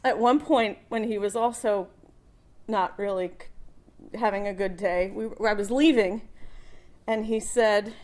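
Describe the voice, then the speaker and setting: A woman's voice: medium pitch, fairly even intonation, measured pace, darkish tone. A middle-aged woman, a daughter, giving a eulogy at a funeral service, speaking fondly and often laughing between memories.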